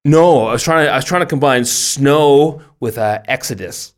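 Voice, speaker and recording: A man's voice: medium pitch, normal speed. A middle-aged man hosting a podcast in casual chat, rambling and self-deprecating, often stumbling over his words. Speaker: podcast host.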